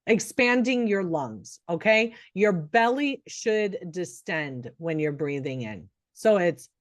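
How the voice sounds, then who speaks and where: A woman's voice: fairly low pitch, animated, slow pace, no echo, clean studio sound. A middle-aged woman, a nurse and podcast co-host, talking in an earnest, encouraging way with frequent restarts. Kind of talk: casual podcast chat.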